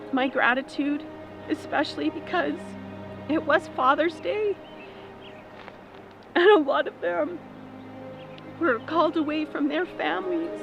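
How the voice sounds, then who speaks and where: A woman with a somewhat high voice recalls events with emotion, pausing to reflect. Clear music plays behind her documentary interview.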